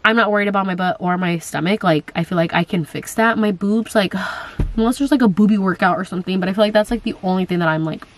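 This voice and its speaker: A woman's voice: mid-range voice, quick pace, a little hiss or hum. A young woman in casual chat, answering viewer questions on her vlog, talking in a chatty way with lots of fillers and quoted asides.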